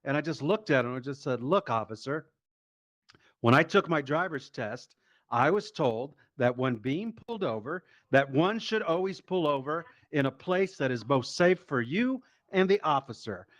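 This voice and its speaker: Animated man telling stand-up stories. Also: on the high side, normal speed, no echo. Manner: animated, profane, acts out quoted voices. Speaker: stand-up comedian. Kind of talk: stand-up storytelling in a VR comedy show.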